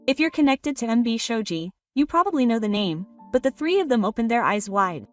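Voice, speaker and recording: A calm young professor speaks with quiet composure, read by a woman narrator. The voice sits a little high and set back over soft music. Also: fairly quick, recorded from a distance. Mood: composed.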